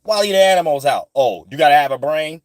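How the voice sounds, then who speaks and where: Very animated and fast, this slightly high male voice comes through with no echo. The spiritual vlogger's monologue wanders, full of profanity and street talk, with sing-song repeated phrases and frequent "you know what I'm saying" checks.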